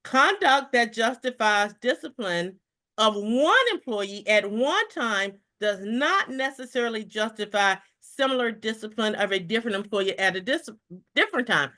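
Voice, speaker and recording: Excited woman briefing federal workers. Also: on the high side. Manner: fast, excited, repeats words when rushing. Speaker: national president of a federal employee organization. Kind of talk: live online discussion briefing.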